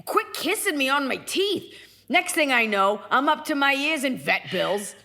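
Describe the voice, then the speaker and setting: Brief: woman plays a crabby alley-cat type, a bit high, tough-talking and full of complaints. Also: very animated, a little slow, bright, forceful tone, exaggerated voice. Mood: grumpy. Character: grumpy streetwise female cat, a stray at heart.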